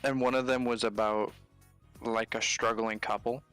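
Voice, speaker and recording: Smooth-voiced man telling a story. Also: medium pitch, moderate pace, faint music behind. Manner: relaxed, rambling anecdote with fillers. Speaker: co-commentator. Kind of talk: casual storytelling.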